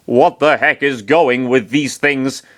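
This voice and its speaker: A man's voice: medium pitch, steady tone, a bit bright. A man reading as an earnest young gamer hero. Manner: slow, earnest, a bit sarcastic.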